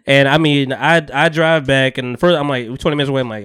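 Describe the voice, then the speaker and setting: A man's voice: fairly high pitch, animated, normal speed, fairly bright tone, clear, resonant tone, no echo. Man telling a profane story, dry mic. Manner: profane, laughing storyteller acting out both sides of the exchange. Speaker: podcast co-host. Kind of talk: casual podcast storytelling.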